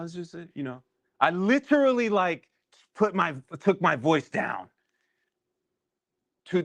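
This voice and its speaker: A man with a deep voice leading a workshop session, telling a candid personal story in a reflective, halting way with many restarts. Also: a bit bright, no echo.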